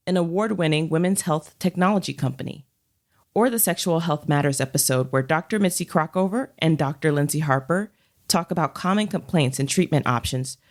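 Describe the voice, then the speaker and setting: Low-voiced woman reading a podcast promo. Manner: measured, emphatic listing. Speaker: podcast producer. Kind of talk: scripted promo read.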